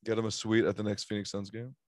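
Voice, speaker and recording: A man's voice: lowish voice, level tone, quick pace, no room sound. Joking man talking sports, dry sound. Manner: joking, rambling with fillers. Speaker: sports podcast host. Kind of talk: casual sports chat.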